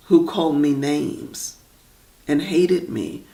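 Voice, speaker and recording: A middle-aged woman, a visual artist and writer, telling a personal story in a reflective, animated way with pauses. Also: low-pitched, gravelly. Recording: echoey room.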